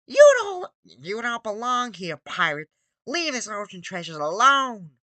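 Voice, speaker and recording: A man voicing a cheerful male cartoon sea sponge hero who turns stern, in a shrill, drawn-out voice. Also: huge pitch swings, sharp tone, no echo, heavily acted. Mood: stern warning.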